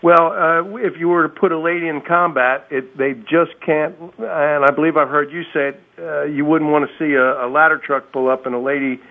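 A man's voice: on the high side, fairly even intonation, normal speed, hardly any pauses. A man calling in to a radio show, hesitant and stammering with a folksy manner. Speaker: radio caller. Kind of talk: phone-in call. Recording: tinny phone line.

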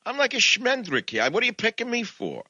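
A man voicing a reluctant, self-pitying Moses who complains in a high, whining voice. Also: huge pitch swings, brisk, bright, forceful tone, no echo, dull audio, full character voice. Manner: whining, high-pitched kvetching.

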